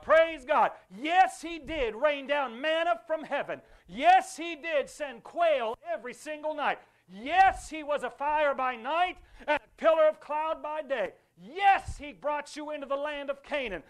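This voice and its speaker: A man's voice: extremely high pitch, lively intonation, unhurried, hardly any pauses. A man pastor preaching a fervent sermon in a church, calling on the congregation to repeat after him. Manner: fervent preaching with call-and-response. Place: church sanctuary.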